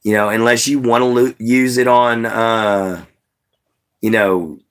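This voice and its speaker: A man's voice: medium pitch, fairly even intonation, takes it slowly, fairly bright tone, clear, resonant tone. A man hosting a casual livestream, chatting straight to his viewers in a laid-back way with plenty of "you know"s. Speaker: livestream host.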